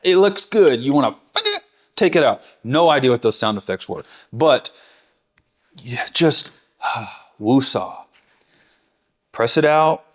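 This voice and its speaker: An enthusiastic man teaching barbecue as he works, chatty and encouraging. He talks at an ordinary middle pitch, fixing his slips on the fly in a casual, hands-on way. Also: animated, measured pace. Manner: enthusiastic, chatty, self-correcting. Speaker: barbecue instructor. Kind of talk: real-time cooking tutorial.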